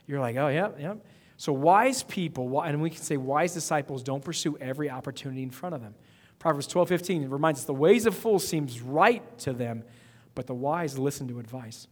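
Male pastor, fairly high voice, emphatic sermon delivery, long hall reverb. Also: a little mellow. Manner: preaching with emphatic rising outbursts and quick repetitions.

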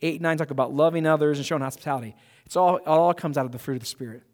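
Pastor, male, slightly high voice, casual emphatic preaching with restarts, long church reverb. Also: rapid-fire. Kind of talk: sermon. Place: church sanctuary.

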